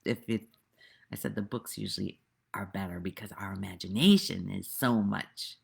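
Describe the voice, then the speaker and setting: A woman giving a rambling, earnest spiritual talk in a casual way, with sudden animated outbursts, recorded outdoors. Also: a bass voice, normal speed, vocal fry, breathy edge. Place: outdoors with birds nearby.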